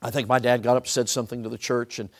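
A middle-aged man preaching to a gathered congregation, telling a personal story in a relaxed, conversational way. He keeps turning to the audience with questions, dropping to a near hush and then rising loud again. His voice sits in an ordinary middle pitch. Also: fast. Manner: conversational, asks the audience questions, swings between soft and loud. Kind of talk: storytelling sermon. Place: church or meeting room with an audience.

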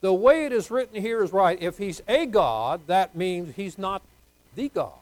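An older man preaching a sermon, swinging between soft asides and loud emphatic points, with folksy jokes. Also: high-pitched, big pitch swings, normal speed, no room sound, rough recording. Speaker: pastor.

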